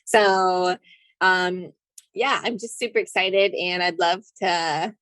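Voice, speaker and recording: A woman hosting a podcast, gushing and excitable as she thanks her guest. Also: lowish voice, takes it slowly, dry recording. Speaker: podcast host. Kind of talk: podcast interview.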